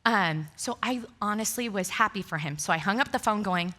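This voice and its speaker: A woman's voice: mid-range voice, a little fast, hardly any pauses. A woman pastor telling a personal story in a sermon, acting out the dialogue with laughter. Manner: animated, acts out dialogue with laughs. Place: church stage.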